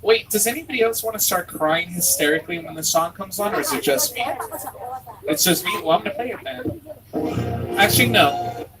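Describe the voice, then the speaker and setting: Tour guide man, high voice, jokey and excitable, distant over a PA with music behind. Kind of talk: theme park tour narration.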